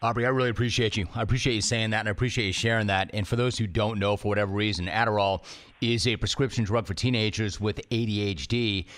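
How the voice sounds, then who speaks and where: A man hosting a podcast, thanking his guest and asking brisk follow-up questions. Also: on the low side, fairly even intonation, fairly bright tone. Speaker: podcast host. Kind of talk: interview questions.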